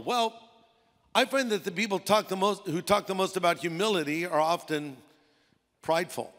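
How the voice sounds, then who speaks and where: Male pastor, high voice, casual storytelling sermon in a reverberant auditorium. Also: moderate pace, a bit bright. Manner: conversational preaching with playful put-on voices. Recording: long hall reverb.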